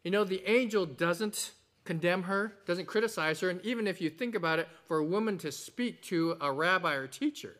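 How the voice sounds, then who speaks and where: A man preaching a sermon, animated, mixing scripture, a told joke and acted quotes. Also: high-pitched, normal speed, few pauses. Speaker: pastor.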